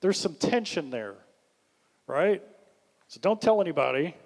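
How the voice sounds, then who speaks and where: A man giving a leadership workshop talk, animated, acting out the questions he suggests. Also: fairly high pitch, unhurried, gravelly. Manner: animated, acts out questions in a lifted voice. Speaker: workshop speaker. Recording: long hall reverb.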